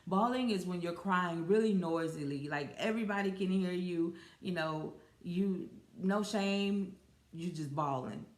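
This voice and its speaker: A woman's voice: medium pitch, echoey room. A woman hosting her own podcast, talking casually and giggling often as she addresses listeners as y'all. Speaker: podcast host. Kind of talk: casual solo podcast talk.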